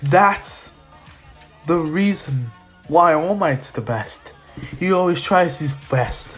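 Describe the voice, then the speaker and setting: A man's voice: on the high side, lively intonation, slow pace, a bit bright, faint music behind. A man voicing a teenage boy hero who gives an earnest, rambling pep talk full of fillers.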